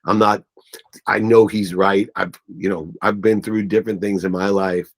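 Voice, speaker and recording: Low-voiced man telling heartfelt stories. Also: fairly even intonation, moderate pace. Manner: tells stories acting out family voices, gets choked up. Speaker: guest, business coach. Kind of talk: emotional storytelling interview.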